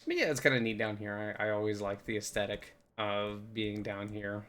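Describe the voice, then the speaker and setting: A man's voice: on the low side, moderate pace, a bit bright. A young man giving a rambling, goofy tour of a game map, joking and putting on silly voices now and then. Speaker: game video host.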